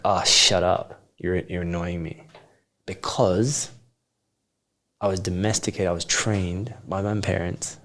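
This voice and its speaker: Low-voiced man coaching with probing questions. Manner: probing questions, then calm explaining. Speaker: coach, podcast guest. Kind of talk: reflective coaching conversation.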